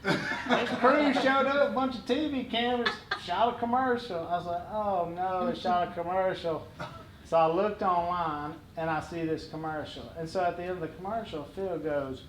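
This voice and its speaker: A middle-aged man spins funny stories at an event, his voice pitched high and lively with laughter. He acts out each person in the tale with animated flair. The recording carries a roomy hall echo and a clear wash of room noise. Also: moderate pace. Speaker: guest speaker. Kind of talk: comic storytelling on stage.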